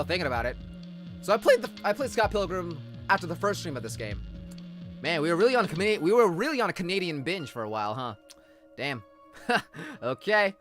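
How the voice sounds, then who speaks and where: A man playing through a story game on stream, with a higher-than-average and very bright, forceful voice. He switches between reading the game's text and cracking jokes, swearing, and sudden loud shouts. Faint game music plays behind him. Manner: excitable, jokey, swears, bursts into loud shouts. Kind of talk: let's play commentary and reading game text.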